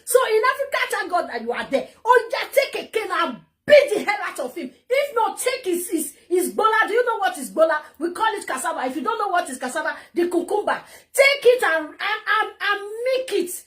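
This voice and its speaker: A woman with a Nigerian accent delivers a heated, mocking vlog rant. Her voice sits very high and swings widely in pitch, and she keeps circling back over her points. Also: very animated, fairly quick, hardly any pauses, a bit bright. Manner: heated, mocking, repeats herself. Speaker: vlogger. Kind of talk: angry ranting vlog.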